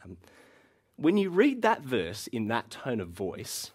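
A man in his thirties, a pastor, preaches a sermon in a slow, husky, mid-range voice. His delivery is lively and conversational, full of frequent ums and uhs.

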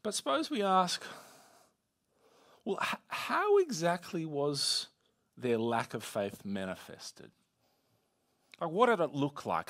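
A man's voice: mid-range voice, fairly bright tone. A man preaching a conversational sermon, teaching a Bible passage with playful asides.

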